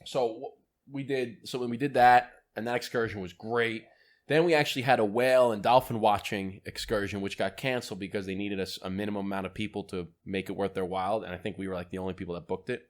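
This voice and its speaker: Young man, podcast co-host, lowish voice, rambling, swearing, casual chat. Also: fairly even intonation, fast talker. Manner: rambling storyteller, swears freely, many restarts.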